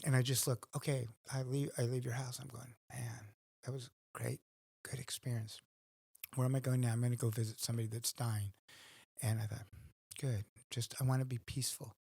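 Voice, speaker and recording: A man's voice: mid-range voice, flat delivery, normal speed, vocal fry, mellow, breathy edge, dry recording, studio quality. A middle-aged man, a guest in a casual conversation, telling earnest stories and acting out his own thoughts.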